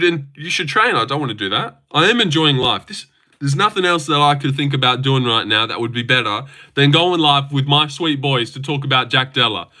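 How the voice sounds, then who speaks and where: A man's voice: medium pitch, sharp tone. A man hosting a casual livestream, chatting with viewers in a rambling, sarcastic way and swearing freely. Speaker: livestream host. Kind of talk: casual livestream chat reading viewer comments.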